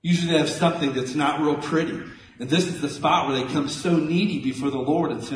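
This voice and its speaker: A man's voice: a little high, fast talker, slight background noise. Folksy preacher man, echoey church. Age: middle-aged. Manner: animated, folksy preaching with sudden swings between loud and soft. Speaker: pastor. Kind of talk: sermon. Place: church sanctuary. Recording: echoey church hall from a distance.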